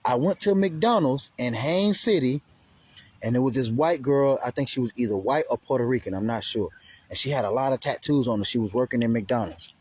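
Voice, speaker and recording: Brief: man vlogger, casual storytime, husky mid-pitched voice, rambling, profane and slangy. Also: brisk, a little mellow.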